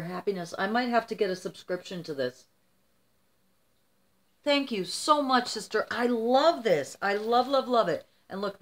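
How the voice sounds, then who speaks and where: A middle-aged woman from the United States, chatting casually to camera while opening gifts, emotional and rambling. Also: medium pitch.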